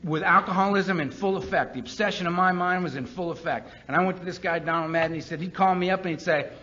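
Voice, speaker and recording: A man's voice: sits high, quick pace, pushed and bright. A man speaking at a recovery meeting, telling his story in an earnest, emphatic way and often repeating lines for weight. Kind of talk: personal testimony talk. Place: meeting hall with a live audience. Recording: dull lo-fi meeting recording with faint background hiss.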